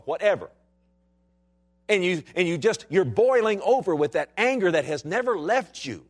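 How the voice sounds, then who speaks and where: A man preaching a sermon in a dynamic style, dropping to quiet low asides and rising to loud, slow, emphatic lines. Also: sing-song. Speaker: pastor.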